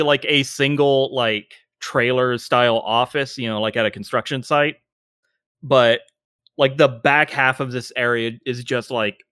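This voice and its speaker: A man narrating a tabletop game as game master, halting and full of filler words. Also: medium pitch, fairly bright tone, clear, resonant tone, no room sound, studio quality.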